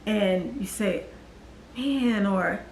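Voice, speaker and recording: A woman's voice: medium pitch, extremely slow, gravelly, darkish tone, reverberant, a little hiss or hum, poor audio. A woman in her forties telling her personal story to the camera in an earnest, confiding way. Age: 40s. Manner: earnest, confiding, acts out quoted voices. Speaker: vlogger.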